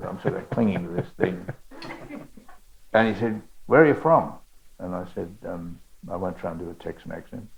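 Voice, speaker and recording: Gravelly older Australian man telling stories. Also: deep voice, steady tone, a little mellow, a little hiss or hum, poor audio. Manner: rambling anecdotal storyteller with halting restarts. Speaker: author in conversation. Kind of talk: onstage literary conversation. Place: bookshop event.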